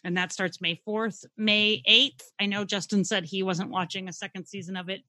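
Female podcast co-host, brisk and frank, mid pitch, dry close recording. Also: steady tone, sharp tone, no echo. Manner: brisk, listing releases, frank. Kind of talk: casual chat, film review.

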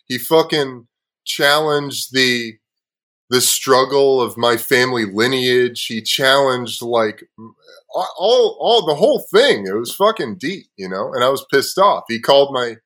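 A man hosting a podcast, telling a story in a casual, profane way with frequent laughs, sometimes dropping low and quiet. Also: expressive, measured pace. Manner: swears freely, laughs often. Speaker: podcast host.

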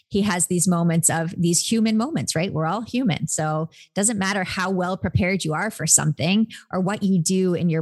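Low gravelly woman telling a story. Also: a little mellow. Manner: candid, emotional, lots of fillers and restarts. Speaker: guest, author. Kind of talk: conversational storytelling.

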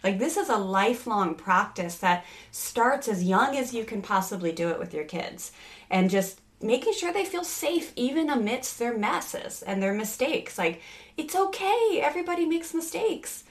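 A woman's voice: medium pitch, lively intonation, moderate pace. A woman in her thirties, a parenting speaker, talking earnestly in a casual podcast conversation, rambling with many fillers and restarts.

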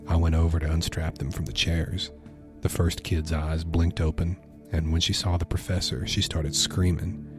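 Deep-voiced man narrating horror. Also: level tone, moderate pace, over music. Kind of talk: first-person horror story narration.

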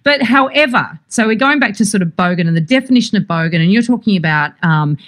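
A woman's voice: medium pitch, animated, fast. An Australian woman co-hosting a podcast in casual chat, rambling through anecdotes and laughing often. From Sydney, Australia. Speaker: podcast co-host.

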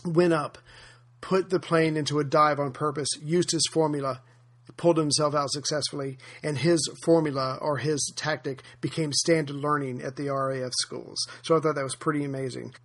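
A man hosts a history podcast and tells anecdotes in a relaxed, unscripted way, often pausing on fillers. His voice sits a little higher than most men's. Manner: relaxed storytelling with frequent fillers. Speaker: podcast host. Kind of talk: casual history podcast narration.

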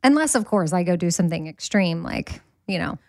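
A woman's voice: fairly low pitch, a little fast, no echo. Middle-aged woman host, casual chatty storyteller, dry close sound. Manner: chatty, animated storyteller, laughs easily. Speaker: podcast host. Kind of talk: casual chat.

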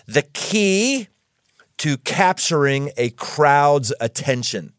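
A man's voice: a little high, sing-song, slow, smooth, no echo, clean studio sound. A man hosting a casual conversation, easygoing and folksy in how he talks. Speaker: podcast host. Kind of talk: casual chat.

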